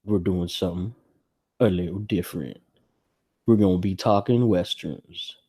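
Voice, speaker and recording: A man chats easily as a podcast host, rambling and laughing often. His voice sits on the low side. The recording is dry, with no room sound. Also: moderate pace, warm tone, husky, no echo. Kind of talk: casual chat.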